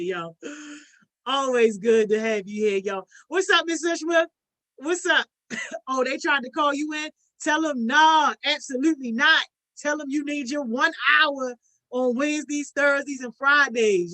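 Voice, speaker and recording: A high-pitched, sharp voice belongs to a youth program host on a casual livestream. He greets viewers by name one after another in slangy talk, ending nearly every phrase with "yo," as he chats with participants.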